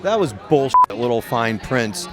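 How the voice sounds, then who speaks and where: A man's voice: mid-range voice, very animated, normal speed, over a noisy crowd. A middle-aged man from Maine, a medical cannabis caregiver, telling his story in an interview in a blunt, profane, rambling way with many restarts. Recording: loud music under voice. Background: music.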